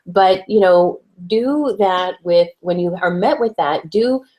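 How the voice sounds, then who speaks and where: Woman co-host, lower register, playful advice-giver who acts out quotes. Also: lively intonation, slow pace, lo-fi sound. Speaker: podcast co-host. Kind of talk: relationship advice chat.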